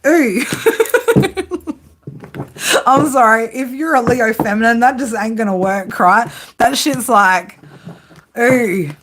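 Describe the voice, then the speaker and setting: A woman's voice: on the high side, slow pace, long pauses, a bit bright. A woman giving a casual tarot reading, blunt and profane, often breaking into laughter. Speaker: tarot reader.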